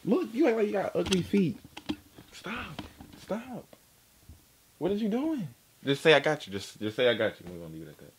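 A man's voice: sits high, very animated, normal speed, pauses often, a little hiss or hum. A young adult man, a vlogger, teasing his girlfriend in a casual prank video. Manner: teasing, playful.

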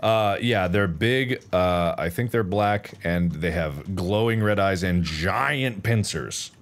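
A man's voice: sits low, takes it slowly. A man chatting casually while playing a video game with friends, teasing them in a mock-exasperated way. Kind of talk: casual gaming chat.

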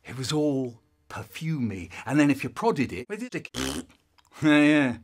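A man telling a comic nonsense story, swinging between loud outbursts and quiet mutters. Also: expressive, unhurried, gravelly. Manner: wildly swinging pitch and loudness, sudden shouts. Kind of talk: comic monologue, remixed.

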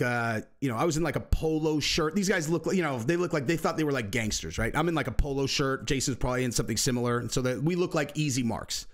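Profane, animated storyteller man. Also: a little high. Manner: profane, animated, acts out other people's voices. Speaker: channel host. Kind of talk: casual storytelling.

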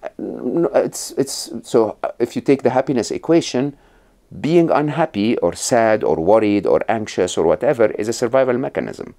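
A man's voice: medium pitch, expressive, normal speed, creaky, warm tone. A middle-aged man from Egypt, a podcast guest telling stories and explaining ideas in a conversational interview, with many restarts and check-ins like "right?".

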